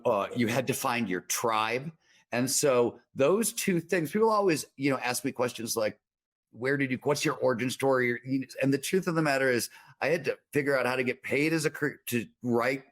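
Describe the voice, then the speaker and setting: A man's voice: mid-range voice, moderate pace. A man, a writer, talking casually about creativity, rambling with many restarts and fillers. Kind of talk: reflective casual conversation.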